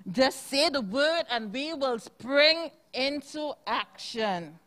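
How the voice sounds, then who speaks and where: A pair of tiny, timid termites speak in a soft, earnest storybook voice, as a woman reading aloud puts them on. Slow and fairly high, they sound eager to help. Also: animated, exaggerated voice. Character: two tiny timid termites, kind-hearted.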